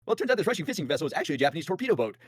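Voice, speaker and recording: A man's voice: fairly high pitch, breathy edge, no room sound. A man hosting a podcast, telling a history story in casual chat with jokey voiced asides. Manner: fast, animated, jokey retelling with voiced asides. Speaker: podcast host.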